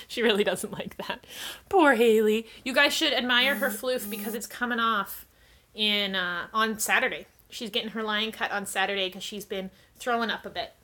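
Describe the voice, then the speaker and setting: A woman's voice: fairly high pitch, normal speed, fairly bright tone. A woman hosting a casual livestream, chatting with viewers and cooing baby talk at her cats.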